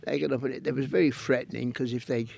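A man's voice: mid-range voice, steady tone, quick pace, creaky, darkish tone, no room sound. An older man with a London Cockney accent, telling rambling anecdotes as an interview guest. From London, England. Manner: rambling anecdotes, imitates voices in quotes. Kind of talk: storytelling interview.

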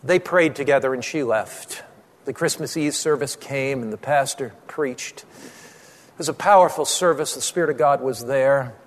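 A man preaching a sermon, telling a story with dramatic pauses and slowing on key phrases. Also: medium pitch. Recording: long hall reverb.

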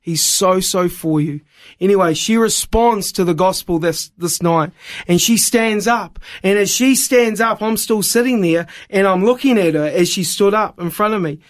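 High-voiced New man telling a story. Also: normal speed. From New Zealand. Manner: animated storyteller, voice climbing high when excited. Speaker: evangelist guest. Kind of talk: storytelling on a radio show.

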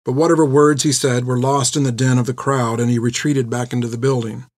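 A male audiobook narrator reads scripted narration in a steady, measured voice at an ordinary middle pitch. He is on a close studio mic, and the recording is dry with no room around it.

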